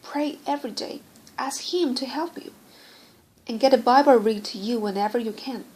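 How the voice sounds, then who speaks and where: A woman reading the part of an earnest, gentle dying young girl in an audiobook, solemn and pleading. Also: fairly high pitch, moderate pace, natural voice, low-quality recording.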